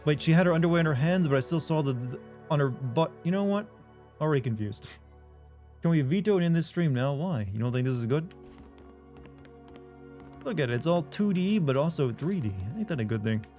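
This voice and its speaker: Wry, mellow male game streamer. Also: on the high side, animated, a little fast, long pauses, faint music behind. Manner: joking, wry, reads game text aloud. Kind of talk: live game commentary.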